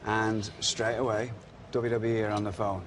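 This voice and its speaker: A middle-aged man guesting on a wrestling podcast tells animated anecdotes in a lowish voice at normal speed, acting out the quotes in casual storytelling. Slight background noise is audible.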